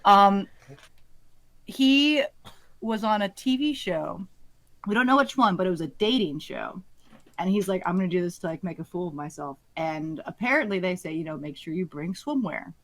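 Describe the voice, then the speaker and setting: A woman's voice: on the low side, animated, moderate pace. A woman co-hosting a podcast, telling chatty anecdotes in casual conversation. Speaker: podcast co-host. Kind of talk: casual chat.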